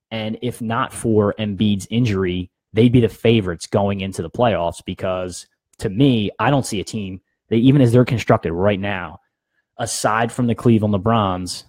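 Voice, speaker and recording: A man's voice: lowish voice, darkish tone, no echo. A young man hosting a sports podcast, giving blunt, opinionated takes in casual talk and laughing at his own jokes.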